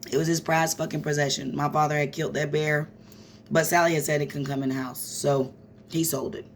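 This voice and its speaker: Woman, low pitch; casual vlog storyteller, animated and profane; faint noise behind. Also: fairly quick. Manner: animated, profane, talks straight to viewers as "y'all".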